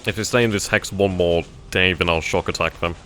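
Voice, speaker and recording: A man thinking aloud as he plays a strategy game, trailing off mid-sentence and bursting into giddy excitement at good news. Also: low voice, brisk, soft background music. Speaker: let's play gamer.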